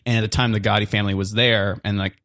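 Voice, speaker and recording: A man's voice: fairly low pitch, flat delivery, fast talker, a bit bright, no echo, studio quality. A young man telling a true story on a comedy podcast, in a rambling way, full of "like" and "uh" and laughing as he goes. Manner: rambling, lots of "like" and "uh" fillers, laughs while telling.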